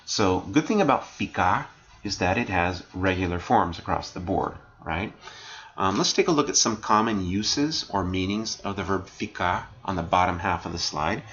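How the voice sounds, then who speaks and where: A man with a lowish, bright, forceful voice teaches from slides. He explains each phrase in turn and keeps asking "right?" as he goes. The recording sounds dull and lo-fi. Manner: explains each phrase and asks "right?" after nearly every line. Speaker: language teacher.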